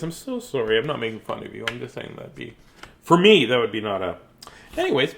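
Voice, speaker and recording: A man's voice: mid-range voice, very animated, fairly quick, vocal fry, fairly bright tone, a little hiss or hum. A man in his fifties reading children's books aloud, joking, singing silly rhymes and chatting between pages. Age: 50s. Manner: goofy, sings silly rhymes, jokey asides. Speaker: children's book reader. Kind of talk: playful read-aloud with banter.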